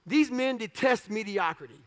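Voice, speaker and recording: A man's voice: sits high, lively intonation, moderate pace, long reverb tail. A man quoting a stern male commanding officer addressing graduates in a formal, declarative way. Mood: solemn.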